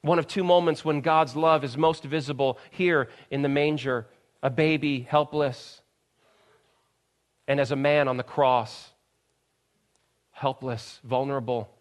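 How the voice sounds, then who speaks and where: A man in his thirties, a pastor, preaching a sermon in an earnest way, dropping soft and slow, then rising to loud emphatic bursts. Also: mid-range voice, fairly even intonation.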